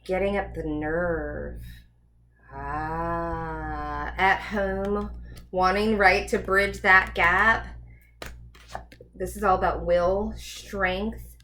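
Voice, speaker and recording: A woman's voice: medium pitch, fairly even intonation, slow pace, bright, forceful tone. A woman giving a casual tarot reading, chatty and rambling as she thinks aloud. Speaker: tarot reader.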